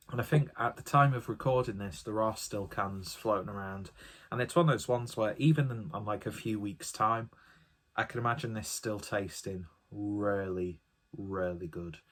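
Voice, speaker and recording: A man's voice: lowish voice, fairly bright tone. A man giving a casual solo beer review, chatty and enthusiastic, often rambling off on tangents.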